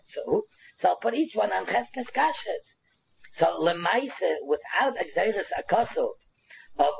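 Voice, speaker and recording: A man's voice: a little high, creaky, husky, muffled recording. A man giving a Talmud lecture, explaining animatedly and mixing in Yiddish and Hebrew terms, often restarting his words. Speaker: Talmud teacher.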